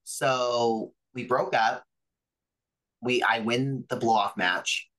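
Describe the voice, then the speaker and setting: A man's voice: medium pitch, takes it slowly, fairly bright tone, low-quality recording. A man, a pro wrestler guest, telling stories from his career in a chatty way, full of fillers and acted-out quotes. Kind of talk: casual storytelling interview.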